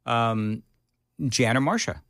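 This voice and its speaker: Male radio host in his sixties, mid-pitched, dry studio sound, halting delivery. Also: fairly bright tone, no room sound. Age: 60s. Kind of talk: casual talk radio banter.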